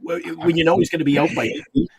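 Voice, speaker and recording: A man's voice: on the high side, big pitch swings, racing, creaky, a loud crowd. A man panelist on a sports talk show, ranting in an exasperated, rambling way with restarts, calling in from a hot room. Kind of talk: animated sports fan rant.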